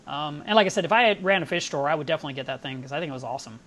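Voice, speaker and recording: A woman's voice: low voice, lively intonation, very fast, a bit bright. A woman hosting a live stream, chatting casually and telling stories with enthusiasm.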